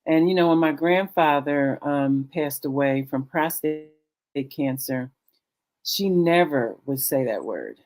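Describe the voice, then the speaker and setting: Candid guest: middle-aged woman, low voice, earnest, filler-heavy. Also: animated, unhurried, darkish tone. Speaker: guest, cancer survivor. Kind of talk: candid talk-show conversation.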